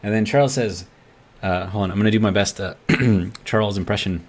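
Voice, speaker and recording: Guy streaming a game, lowish voice, rambling and reading chat out loud. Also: brisk, slightly rough. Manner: rambling, thinks aloud, reads chat messages. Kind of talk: live gameplay commentary.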